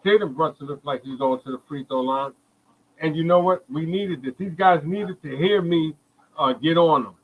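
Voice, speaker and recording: A man's voice: a little high, moderate pace, rough recording. A middle-aged man from Brooklyn gives emotional, heated live fan commentary on a basketball game, repeating himself and talking straight to his viewers. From Brooklyn, New York City. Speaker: fan watch-along host.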